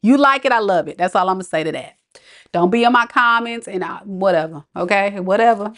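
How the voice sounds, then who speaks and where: A woman's voice: mid-range voice, a little fast, fairly bright tone. A woman tarot reader, chatting on a live stream, reading viewers' comments aloud and laughing often. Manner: chatty, reads chat aloud, frequent laughter.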